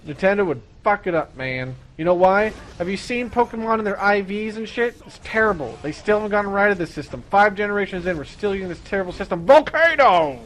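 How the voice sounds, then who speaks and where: A young man streaming, ranting about games in an excitable, profane, fast-talking way. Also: high-pitched, slight background noise. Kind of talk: ranting gaming stream chat.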